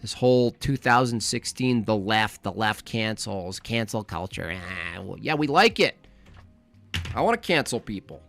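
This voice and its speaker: A man's voice: fairly low pitch, lively intonation, a little slow, gravelly, fairly bright tone, soft background music. A man hosting a comedic livestream, ranting bluntly and repeating his points for emphasis. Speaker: comedic streamer host. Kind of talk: casual comedic livestream rant.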